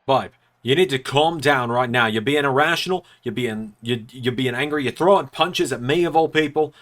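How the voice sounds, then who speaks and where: A man commentates a wrestling video game series as its host. His play-by-play is excitable and chatty, full of asides and jokes. His voice sits at an average mid pitch. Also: normal speed.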